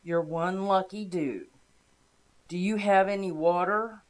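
A narrator voicing a friendly male oil rig worker who speaks in a brisk, helpful, reassuring way. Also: high voice. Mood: concerned.

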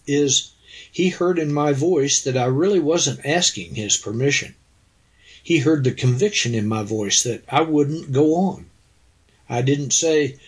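Unhurried and with a breathy edge to his medium-pitched voice, a male actor tells reflective stories during an interview. He is earnest and anecdotal, recreating dialogue by quoting others.

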